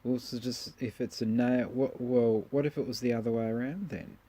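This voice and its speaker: A man's voice: mid-range voice, fairly even intonation, moderate pace, dark tone, slightly rough. A man giving casual, joking commentary on old magazine adverts, chuckling at his own asides.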